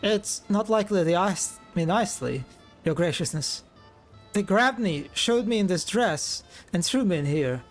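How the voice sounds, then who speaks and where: A man voicing a frightened lowborn laundry woman who pleads and stammers, reading game dialogue aloud on a live stream. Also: expressive, normal speed, faint music behind. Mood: pleading.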